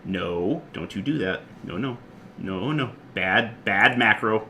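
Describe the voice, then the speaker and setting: A man streaming a card game live, chatting excitedly, laughing often and swinging from loud outbursts to quiet muttering. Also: on the low side, takes it slowly, a little hiss or hum. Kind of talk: live gameplay commentary.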